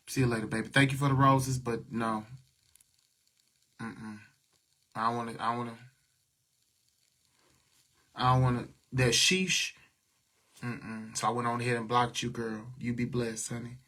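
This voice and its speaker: A man's voice: mid-range voice, little pitch movement, unhurried, pauses often, sharp tone. A man venting to viewers on a livestream, blunt and talking back to their comments. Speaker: livestream host.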